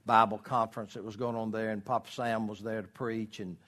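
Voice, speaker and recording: A man preaching a sermon as pastor, animated and storytelling, acting out voices in his illustrations. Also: fairly low pitch, a little fast.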